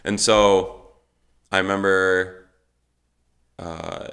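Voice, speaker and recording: Deep voiced missionary guy in his 30s telling his story, acts out the dialogue, lots of "like". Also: extremely slow. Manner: animated storytelling, acts out quoted dialogue with many fillers. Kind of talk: casual personal testimony.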